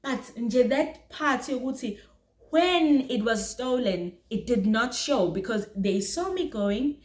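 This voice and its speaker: A young South African woman telling a storytime in a casual, animated way, laughing often and mixing isiZulu words into her English. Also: a little high, slow pace, reverberant.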